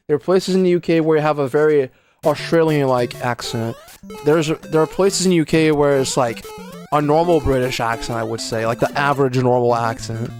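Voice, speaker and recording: A man's voice: fairly high pitch, a little mellow. A young man from Brazil, chatting casually on a speedrun stream in rambling, slangy speech and muttering at his own gameplay. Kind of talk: casual livestream chat while playing.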